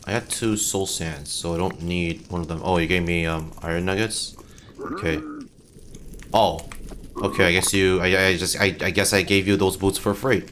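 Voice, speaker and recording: A man's voice: low-pitched, fairly even intonation, moderate pace, fairly bright tone, a little hiss or hum. A young man giving casual, frustrated gameplay commentary, swearing often and yelping when he gets hit. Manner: frustrated, swears a lot, yelps at hits. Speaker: gaming channel host.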